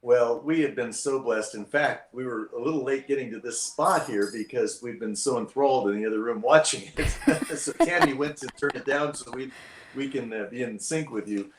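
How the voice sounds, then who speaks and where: A man's voice: mid-range voice, moderate pace, echoey room, slight background noise, rough recording. A man joining a livestream as a guest, speaking earnestly about faith. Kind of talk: casual video call chat.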